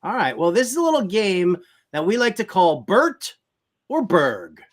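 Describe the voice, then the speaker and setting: High-voiced playful male host. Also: sing-song, unhurried, soft background music. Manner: playful, teasing, game-show style quizzing. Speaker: sports talk show host. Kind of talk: casual sports talk.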